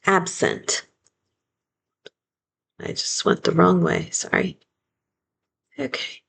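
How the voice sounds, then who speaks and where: A woman teacher giving a phonics lesson, slowly sounding out each word syllable by syllable and modeling the spelling aloud. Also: fairly low pitch, lively intonation, creaky, slight background noise. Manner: slow and deliberate, sounding out syllables.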